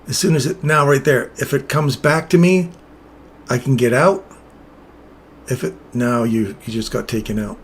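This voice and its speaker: A man talking through live trades in a loose, chatty way, mid-pitched, greeting viewers in the chat between explanations. A faint hum of room ambience sits under his voice. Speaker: trading streamer. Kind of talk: live trading commentary.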